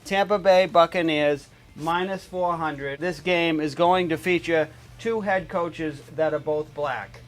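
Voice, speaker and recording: A man hosting a comedic sports betting show. His delivery is mostly deadpan, and it breaks into excited coughing fits. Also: a little high, measured pace.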